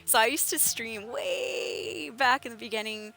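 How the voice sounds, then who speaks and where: A woman's voice: on the high side, unhurried, gravelly, a little hiss or hum. A young adult woman streaming a game, chatting casually and acting out the people she quotes as she tells her stories. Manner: animated storytelling, acts out the people she quotes. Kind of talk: casual livestream chat.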